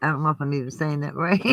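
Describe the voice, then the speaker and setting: A woman's voice: deep voice, gravelly, dry recording, low-quality recording. A woman with a New Jersey accent, chatting and laughing often as she co-hosts a livestream. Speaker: livestream co-host. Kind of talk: casual chat.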